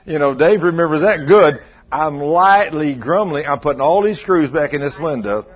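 A man's voice: fairly high pitch, animated, moderate pace, muffled recording. A man preaching and telling chatty stories to his church, laughing often. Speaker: pastor. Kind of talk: folksy sermon storytelling.

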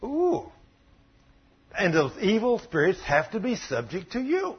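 A man whose voice sits high, with a breathy edge, preaches at a moderate pace. His sermon features animated storytelling in which he voices the characters, and the recording sounds muffled.

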